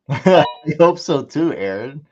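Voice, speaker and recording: A young man chatting casually on a live stream as he drafts, excitable and repeating himself as he reacts. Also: fairly high pitch, takes it slowly, muffled recording. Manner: excitable, hypes his picks with loud outbursts, repeats himself.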